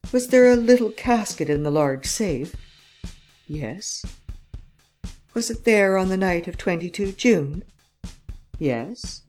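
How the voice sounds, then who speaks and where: Woman reading as a suave gentleman thief. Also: lowish voice. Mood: cool. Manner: cool, mocking, self-assured. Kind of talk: audiobook character reading.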